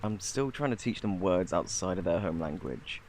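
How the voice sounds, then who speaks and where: A man with a British accent voicing a gentle, formal alien single parent in a whispered role-play, polite and a bit hesitant. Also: sits low, expressive, moderate pace, a little hiss or hum. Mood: awkward. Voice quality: soft-spoken, formal and polite.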